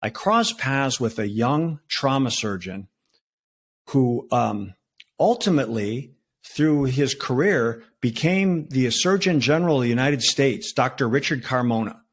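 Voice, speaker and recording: A man in his sixties, a retired federal agent, telling his story as a podcast guest in relaxed talk with fillers and restarts. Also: medium pitch, measured pace. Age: 60s. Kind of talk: conversational storytelling.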